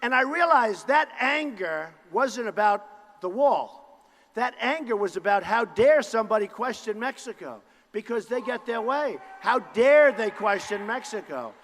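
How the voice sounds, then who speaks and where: A man giving a campaign rally speech, boastful and repetitive, with punchy phrases and bursts of shouting. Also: high-pitched, expressive, measured pace. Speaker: political candidate at a campaign rally. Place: large indoor rally venue. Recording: long reverb of a large hall.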